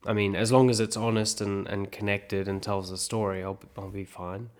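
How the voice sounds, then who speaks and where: A man's voice: fairly low pitch, little pitch movement, moderate pace. A man from South Africa, an actor and podcast host, thinking aloud in a reflective monologue and talking himself through his own questions.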